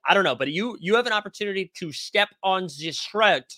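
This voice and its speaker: Male sports stream host, slightly high, dry close mic, rambling and animated, casual profanity. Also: fairly quick, hardly any pauses, no echo. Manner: animated, rambling, swears freely. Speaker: podcast host reading chat. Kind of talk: casual sports talk livestream.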